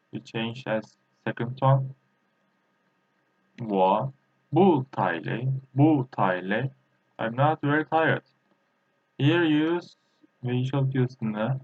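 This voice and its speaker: A man, a native Turkish speaker, giving a language lesson in English, halting and repeating words slowly with many fillers. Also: mid-range voice. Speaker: language teacher. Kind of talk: slow spoken language lesson. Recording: tinny phone-like audio.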